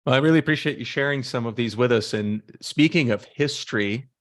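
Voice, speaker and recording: A man's voice: medium pitch, fairly quick. A man hosting an interview, polite and encouraging as he asks questions. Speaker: host, interviewer.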